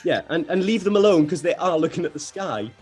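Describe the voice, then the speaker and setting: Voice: medium pitch, lively intonation, brisk, a little mellow, husky, soft background music. Playful co-host on school radio. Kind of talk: casual radio chat.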